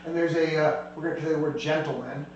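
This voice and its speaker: A man's voice: fairly high pitch, steady tone, fast talker, a little mellow, dull audio. A man narrating as a tabletop game master, rambling and heavy on fillers, recorded from a distance in an echoey room with a faint hum.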